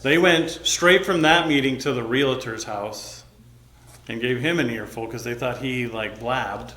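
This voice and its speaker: Pastor Man, mid pitch, casual conversational sermon storytelling, slips into quoted voices; recorded in a roomy, echoing church hall. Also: unhurried, pushed and bright. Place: church sanctuary.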